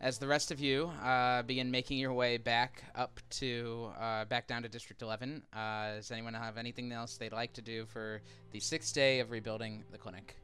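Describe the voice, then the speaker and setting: A man's voice: medium pitch, level tone, normal speed, few pauses, fairly bright tone, clear, resonant tone. A man hosting a tabletop game podcast as game master, narrating loosely and casually. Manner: loose, conversational narration with fillers.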